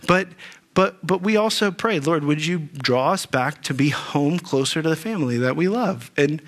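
A man's voice: a little high, a bit bright. A man preaching a sermon as pastor, earnest, often repeating words and asking the congregation questions. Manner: earnest, repeats words when fired up, asks the crowd questions.

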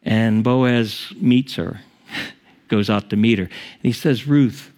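A male pastor preaching a sermon in an animated, emphatic way. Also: takes it slowly. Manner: animated, emphatic, shifting pitch for quotes.

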